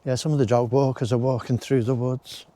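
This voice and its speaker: A man's voice: mid-range voice, flat delivery, brisk, warm tone. Chatty man on a walk. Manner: chatty, rambling, with friendly asides. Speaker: walking vlogger. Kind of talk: casual walking commentary. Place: outdoors in a wooded country park.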